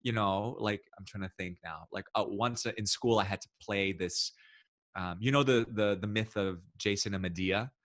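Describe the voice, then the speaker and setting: A man as a podcast guest, telling personal stories in an animated, expressive way. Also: lowish voice, moderate pace, dry recording, studio quality. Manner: animated, expressive, acts out quoted voices. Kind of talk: casual storytelling interview.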